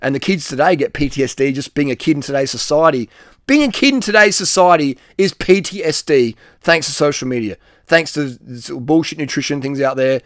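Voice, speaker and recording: A middle-aged man gives advice in a rambling, casual monologue, blunt and profane, often trailing off on a low, quiet word. He talks a little fast, and the studio sound is clean with no room sound.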